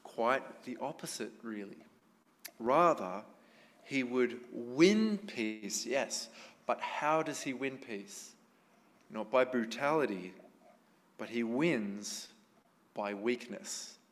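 A man's voice: medium pitch, slow, long pauses, a bit bright. A man preaching a sermon to a congregation in a conversational way, often asking them questions. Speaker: pastor. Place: church hall with congregation. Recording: long hall reverb.

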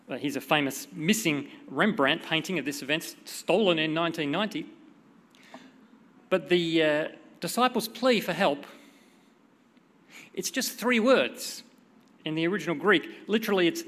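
A middle-aged man preaching a sermon in a conversational, expressive way, with a short prayer and personal stories. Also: high-pitched, moderate pace. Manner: conversational, expressive, reads scripture dramatically. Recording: long hall reverb.

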